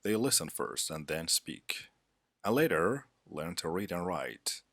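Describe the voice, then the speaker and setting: Reading a scripted lesson, this male English teacher has a very deep yet bright voice. His intonation is lively, his pacing deliberate and measured, and the close, dry sound has no echo.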